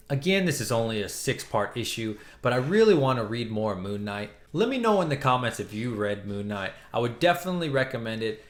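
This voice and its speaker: A man casually reviewing a comic book, retelling the plot with enthusiastic, chatty energy. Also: medium pitch.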